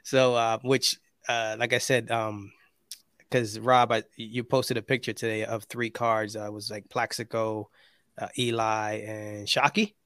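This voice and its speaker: A man's voice: on the low side, flat delivery, unhurried, fairly bright tone, no room sound. A man hosting a casual live show over a video call, rambling and full of fillers. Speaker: podcast host.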